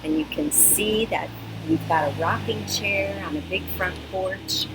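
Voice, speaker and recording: A woman's voice: medium pitch, unhurried, heavy background noise. A woman librarian reading a picture book aloud to children on a front porch, coaxing and teacherly, recorded on a computer. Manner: animated, teacherly, coaxing young listeners. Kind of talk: children's storytime read-aloud. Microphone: computer webcam. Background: neighborhood sounds.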